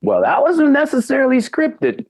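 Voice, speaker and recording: A middle-aged man, a podcast guest, tells a casual anecdote, acting out quotes with big jumps in pitch. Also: wildly swooping pitch, moderate pace, a little mellow, dry recording.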